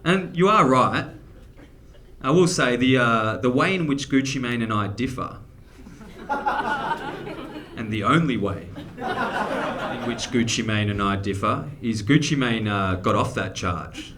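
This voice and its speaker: A man's voice: medium pitch, lively intonation, measured pace, long pauses, background noise. Australian man doing crude stand-up. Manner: crude, self-mocking punchlines. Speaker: stand-up comedian. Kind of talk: stand-up comedy set. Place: comedy theatre stage with live audience.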